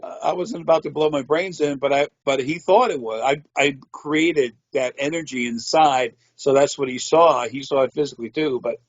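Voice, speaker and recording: A man's voice: medium pitch, normal speed, hardly any pauses, no room sound. Rambling man, dry muffled sound. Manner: meandering, profane, matter-of-fact. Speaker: interviewee. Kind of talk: rambling personal storytelling.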